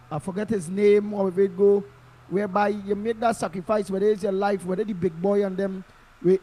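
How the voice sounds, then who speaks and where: High-voiced yet dark in tone, a man with a Trinidadian accent calls in online to deliver passionate, emphatic political commentary. He repeats himself and speaks in local Creole phrasing.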